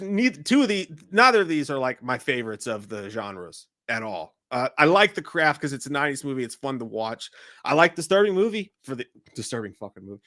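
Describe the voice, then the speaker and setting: A man's voice: medium pitch, sharp tone, dry recording, studio quality. A man hosting a live-stream show, talking in loose, profane banter. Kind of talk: casual live-stream chat.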